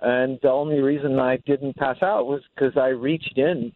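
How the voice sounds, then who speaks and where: A man's voice: mid-range voice, steady tone, moderate pace, no room sound. A man calling in to a radio show, telling a story about himself in a matter-of-fact way. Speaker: caller. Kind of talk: phone-in storytelling. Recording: tinny phone line.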